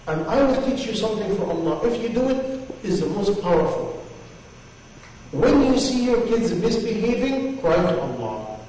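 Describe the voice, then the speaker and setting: High-voiced preacher in an echoey hall. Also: male voice, darkish tone. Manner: earnest, repetitive phrasing, non-native English grammar. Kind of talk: sermon. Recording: echoey hall, distant mic, faint hum.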